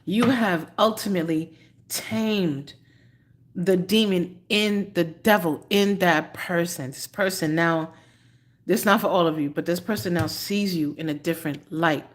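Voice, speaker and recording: A woman giving a live tarot reading, chatty and unhurried, choked up and often clearing her throat. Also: on the low side. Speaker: tarot reader.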